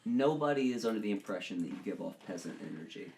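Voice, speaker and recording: A man hosting a podcast, chatting casually and joking, with sudden loud bursts of laughter and excitement. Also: on the low side, fast talker, a little hiss or hum. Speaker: podcast host. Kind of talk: casual chat.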